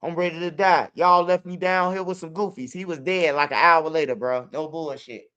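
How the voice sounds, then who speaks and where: A man's voice: a little high, steady tone, moderate pace, bright, forceful tone, clean tone, muffled recording. A young man with a Chicago accent telling street stories in loose, profane casual talk. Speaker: interviewee. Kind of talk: casual storytelling.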